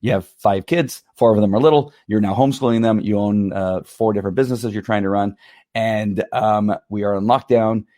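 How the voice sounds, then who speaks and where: A middle-aged man hosting a casual livestream, slightly hoarse from a strained voice, rambling with repeated words and frequent laughs. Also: lowish voice, a little fast, warm tone. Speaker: livestream host.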